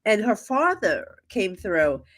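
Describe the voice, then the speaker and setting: Lively middle-aged woman telling stories. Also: medium pitch, slow pace. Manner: animated storyteller who laughs often and acts out voices. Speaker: psychic medium guest. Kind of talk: casual podcast chat.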